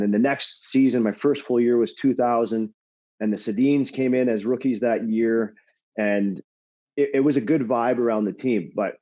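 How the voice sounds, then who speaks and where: Middle-aged guy telling a story on a podcast, laughs a lot, warm relaxed voice, kinda muffled audio. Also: on the low side. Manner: animated anecdote-telling, laughs often, swears. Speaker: former pro hockey player, podcast guest. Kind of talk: casual chat, storytelling. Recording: slightly dull lo-fi audio.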